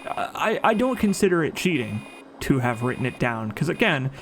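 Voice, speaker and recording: Gravelly-voiced man doing game commentary. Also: mid-range voice, slight background noise. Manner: chatty, enthusiastic, jokes and corrects himself mid-sentence. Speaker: let's play commentator. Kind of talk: casual gameplay commentary.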